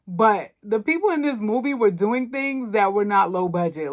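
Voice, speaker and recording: A woman's voice: mid-range voice, normal speed, few pauses. A woman hosting a podcast, recapping and roasting a movie in a blunt, casual way, full of slang and swearing. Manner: blunt, animated storytelling with slang and profanity. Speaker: podcast host. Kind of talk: casual movie review chat.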